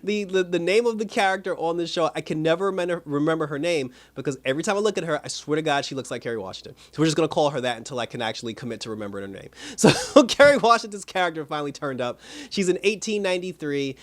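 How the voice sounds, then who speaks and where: A man reviewing a TV episode in a casual video, animated and laughing often as he recaps. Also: fairly high pitch, fast. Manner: animated, laughs often, quotes characters in put-on voices. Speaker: TV show reviewer.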